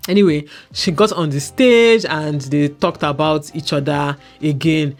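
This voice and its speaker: A woman with a Nigerian accent, hosting a casual commentary show in an animated, opinionated way and often checking in with "okay?". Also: low voice, a little slow, faint music behind. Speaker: show host.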